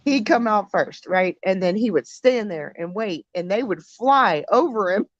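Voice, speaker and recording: A woman's voice: medium pitch, lively intonation, unhurried, dry recording. A woman in casual chat about chickens, laughing easily and trading stories. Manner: laughs easily, friendly back-and-forth. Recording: dull lo-fi dry audio.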